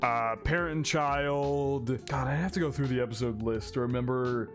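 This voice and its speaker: A man's voice: mid-range voice, moderate pace, faint music behind. A man hosting an anime reaction video, talking effusively and emotionally, swearing freely. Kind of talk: casual reaction commentary.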